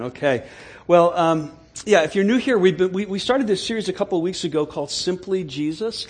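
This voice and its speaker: Higher-voiced pastor, loose and chatty. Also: male voice, breathy edge. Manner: conversational, repeats words and restarts often; soft slow prayer voice. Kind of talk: sermon.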